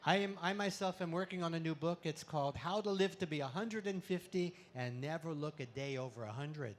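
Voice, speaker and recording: A man giving a playful talk to an audience at an expo, full of deadpan puns and laughter exercises, speaking into a handheld mic. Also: fairly high pitch, fairly quick, slight background noise. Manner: pun-filled deadpan jokes. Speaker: comedic spiritual speaker.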